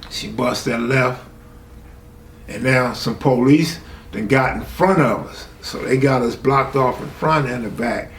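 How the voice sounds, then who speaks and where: A man's voice: mid-range voice, unhurried. Streetwise LA man telling a story. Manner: streetwise, profane, acts out quotes with raised voice. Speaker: host telling a true story. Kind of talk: casual storytelling. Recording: echoey room, faint background hum.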